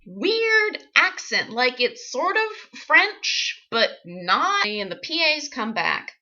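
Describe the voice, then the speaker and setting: A woman with a bright, crisp voice recounting her own misadventure as an actress. She tells it in an animated, wry way, full of sarcastic asides. The sound is muffled and lo-fi. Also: high voice, takes it slowly. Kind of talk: comic personal storytelling.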